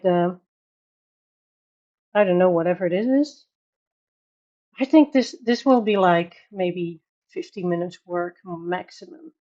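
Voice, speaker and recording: A woman's voice: mid-range voice, lo-fi sound. A woman with a Dutch accent hosting a casual coloring livestream from her bedroom, chatting, laughing often and greeting viewers by name. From Netherlands. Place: home bedroom.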